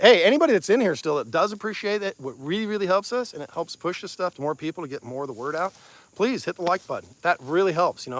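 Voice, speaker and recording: A plainspoken Missouri rancher with a fairly high voice chats with his viewers on a livestream. He talks in a folksy, easygoing way from out in his pasture. The sound is dry and close, caught on a phone on a selfie stick. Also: fairly bright tone, no room sound. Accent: Missouri Ozarks. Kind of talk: casual outdoor livestream talk. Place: outdoors on a pasture.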